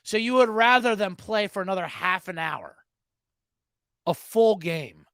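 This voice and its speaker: Sarcastic ranting man, bright animated voice. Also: high-pitched, unhurried, no room sound, studio quality. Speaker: sports betting podcast host. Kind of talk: sarcastic sports betting rant.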